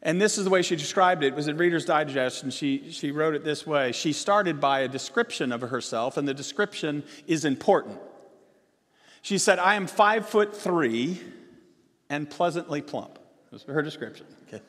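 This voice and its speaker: A man preaching a sermon as pastor, rising to emphatic stressed words and dropping low and soft between them. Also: lively intonation, brisk. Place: church sanctuary. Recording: long reverb of a church hall.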